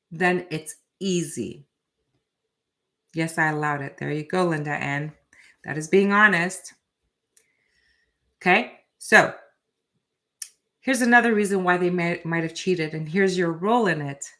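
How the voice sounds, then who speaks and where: Chatty woman with a low-ish voice. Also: a bit bright. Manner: direct, chatty, keeps asking "right?". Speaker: tarot reader and channel host. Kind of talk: live reading, casual chat to viewers.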